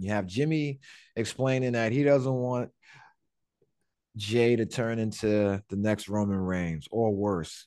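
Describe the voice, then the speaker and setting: A man's voice: on the low side, a little mellow, no echo. Profane rambling man, dry sound. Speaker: podcast host. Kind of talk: casual wrestling chat.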